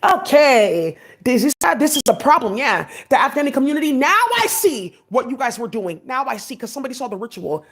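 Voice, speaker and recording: A woman's voice: sits high, big pitch swings, fairly quick, hardly any pauses. A woman talking straight to her viewers in a rambling monologue, agitated and swearing often.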